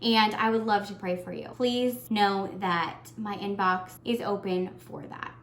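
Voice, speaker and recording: A young adult woman vlogging, earnest and heartfelt, talking warmly to her viewers and getting emotional. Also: medium pitch, steady tone, unhurried, roomy sound, slight background noise. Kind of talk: casual year-end tag vlog.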